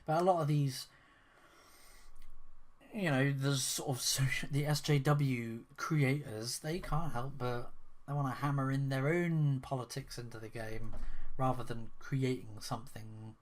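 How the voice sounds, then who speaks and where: A man's voice: medium pitch, fairly even intonation, unhurried. Male vlogger, casual rambling commentary, disbelieving tone, lots of "um" and restarts. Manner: rambling, incredulous, with frequent fillers and restarts.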